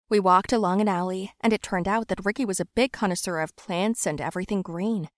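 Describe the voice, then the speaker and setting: A young woman tells her own story with a confiding, dramatic delivery, dropping low and then rising loud. Her voice sits at an ordinary middle pitch, and the recording is close and dry with no room sound. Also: fairly quick, no echo. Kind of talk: first-person story narration.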